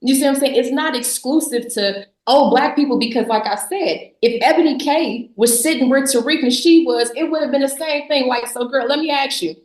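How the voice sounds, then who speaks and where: A woman with a fairly high voice speaks bluntly and sarcastically, pressing her points with emphasis and laughing often. She talks in a casual interview. The recording has a noticeable room echo. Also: brisk, hardly any pauses, darkish tone. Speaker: podcast guest, business founder. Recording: echoey room.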